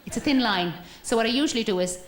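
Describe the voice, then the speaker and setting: A woman's voice: a little high, expressive, quick pace, very noisy. A woman bantering cheekily with a live theatre audience, laughing through bawdy lines. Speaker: comedy singer-host on stage. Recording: echoey live hall with crowd.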